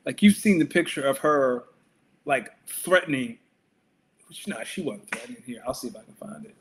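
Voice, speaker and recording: A man's voice: medium pitch, animated, normal speed, noisy background. A man co-hosting a casual sports podcast, talking with wry, dry commentary. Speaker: podcast co-host. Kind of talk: casual chat.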